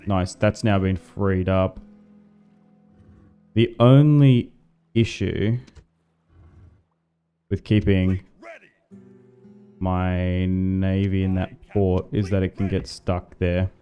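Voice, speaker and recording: Australian man, gaming livestreamer, rambling chatty commentary, mellow dark tone, faint music underneath. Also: sits low, fairly even intonation, drawn-out words, long pauses. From Tasmania, Australia. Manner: rambling, chatty, greets and answers chat, many "like" fillers. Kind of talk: casual livestream commentary while playing.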